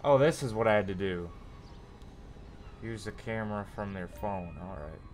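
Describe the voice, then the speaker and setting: A man's voice: fairly low pitch, normal speed, background noise. Foul-mouthed young male game streamer. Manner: profane, irritable ranting. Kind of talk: live gameplay commentary. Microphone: desk mic with facecam.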